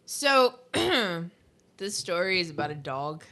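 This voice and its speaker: A woman co-hosts a casual podcast, chatting and reading strange news stories aloud. She tells them in a giggly, animated way. Her voice is bright, and her pitch swings widely. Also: slow pace. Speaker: podcast co-host.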